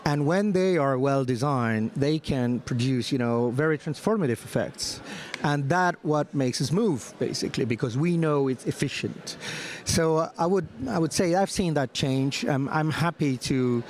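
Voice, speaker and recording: A man speaking as a special envoy on a conference panel, thoughtful and halting, with many fillers and restarts. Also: on the high side, slight background noise. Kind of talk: panel discussion.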